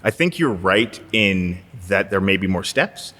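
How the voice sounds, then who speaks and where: A man hosting an interview, attentive and steady, backing his guest with frequent affirmations. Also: low-pitched, measured pace. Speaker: podcast host. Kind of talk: conversational interview. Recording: reverberant room.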